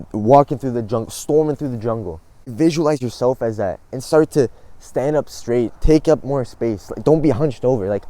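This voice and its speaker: A man's voice: medium pitch, dark tone, no room sound. A young man giving casual self-improvement advice, blunt and swearing often, laughing at himself now and then.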